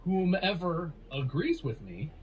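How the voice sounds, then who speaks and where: A man's voice: on the high side, very animated, a little slow, slight background noise, rough recording. A man hosting a casual podcast game, explaining rules with jokes and laughs. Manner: laughing, joking, rambling explanations. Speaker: podcast host running a game.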